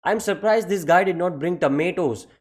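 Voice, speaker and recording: A young man telling a comedic personal story in an animated, profane and exaggerated way. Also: high-pitched, moderate pace.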